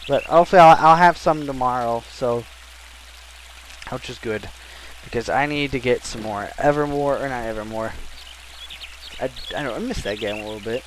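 Loud, excitable young man narrating gameplay. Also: medium pitch, slight background noise. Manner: loud, excitable, bursts into yelling. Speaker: let's play commentator. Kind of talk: casual gameplay commentary. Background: faint game music.

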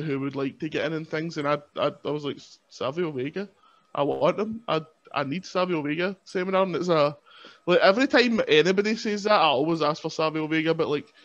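Joking Scottish man on muffled audio. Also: on the high side. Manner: joking, self-mocking, rambling. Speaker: wrestler and podcast guest. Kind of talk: casual podcast chat.

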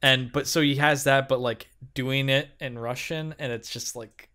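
Man, podcast co-host, mid-pitched, hesitant, relaxed casual chat. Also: normal speed. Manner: hesitant, many fillers and restarts, easygoing.

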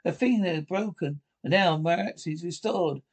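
A man reading a fan audio drama alone, voicing all the characters and narration, with a halting delivery and frequent restarts. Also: high voice, slightly rough. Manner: switches between character voices and narration. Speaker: reader voicing every character.

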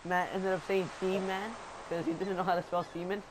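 A young man chatting excitably while playing a game and narrating his own moves, on a noisy home recording. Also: high voice, brisk. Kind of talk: casual gameplay chat.

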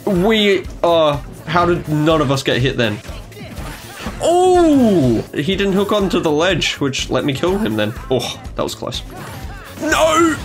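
A young man commentating his own video game matches, excitable and quick to yelp, gasp and trash-talk. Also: a little high, faint music behind. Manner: excitable, yelps and gasps at plays, trash talk. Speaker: gaming YouTuber. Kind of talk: gameplay commentary.

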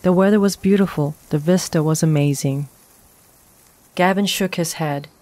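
A woman narrating a horror short story in a calm, even storytelling voice. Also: low voice, moderate pace, no echo.

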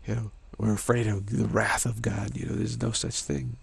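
A man's voice: medium pitch, level tone, moderate pace, vocal fry, few pauses, slightly rough, dry recording. A man giving an informal spiritual talk, rambling and laughing as he acts out imagined voices. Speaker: spiritual teacher.

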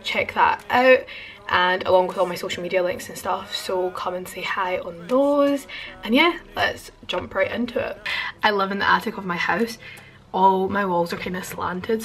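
A young woman chatting fast and casually through a makeup routine in her attic bedroom, full of fillers and self-deprecating asides. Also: mid-range voice, fairly bright tone. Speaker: beauty vlogger. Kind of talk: casual get-ready-with-me chat. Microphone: camera on boxes at bed's end.

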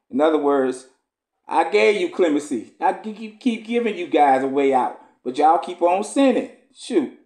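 A man's voice: fairly high pitch, expressive, moderate pace, a little mellow. A man reading scripture aloud and breaking into casual, slangy commentary. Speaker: scripture reader. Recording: roomy echo.

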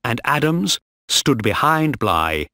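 A man narrating a simple storybook for English learners, reading slowly and clearly. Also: mid-range voice, big pitch swings, sharp tone, no echo, clean studio sound.

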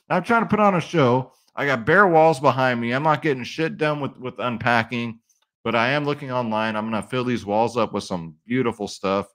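A man hosting a sports betting picks vlog from a sparse home studio, talking brashly, swearing freely and whooping loudly. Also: medium pitch, moderate pace. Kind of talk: casual hyped-up vlog talk.

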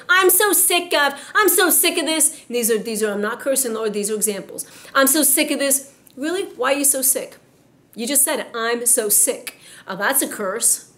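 A woman preaching a sermon in an emphatic, exhorting way, slowing down to stress her points. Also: mid-range voice.

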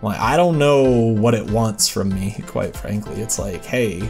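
A man's voice: lowish voice, measured pace, creaky, over music. A man giving casual, rambling gameplay commentary as a let's play host, self-deprecating and chatting to the characters on screen.

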